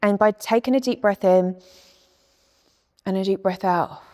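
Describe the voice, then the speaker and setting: A woman giving a soothing spiritual talk, speaking softly and slowly and guiding the listener through calming breaths. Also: medium pitch. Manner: soft, slow and soothing, with a guided breathing passage. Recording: long echoing reverb.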